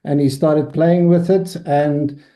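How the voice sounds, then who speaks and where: A man's voice: a little high, fairly even intonation, slow, dark tone. A man hosting a weekly AI business webinar, giving a loose, unscripted walkthrough of screens as he talks. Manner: loose, unscripted delivery that walks through screens on the fly. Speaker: host of a weekly AI business meetup. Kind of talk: informal webinar presentation.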